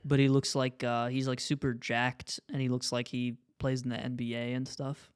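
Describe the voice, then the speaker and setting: A young man in casual podcast banter, mid-pitched and loose, swearing freely between laughs. The sound is dry and close, with no room around it. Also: little pitch movement, normal speed, clean tone, no echo. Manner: loose, joking, swears often. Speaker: podcast co-host. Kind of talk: casual chat.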